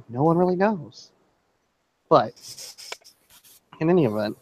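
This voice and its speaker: Low steady voice telling her character's moves in a tabletop game, slow with lots of uhs, dull lo-fi sound. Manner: relaxed, halting narration with fillers. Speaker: tabletop role-play player. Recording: dull lo-fi recording.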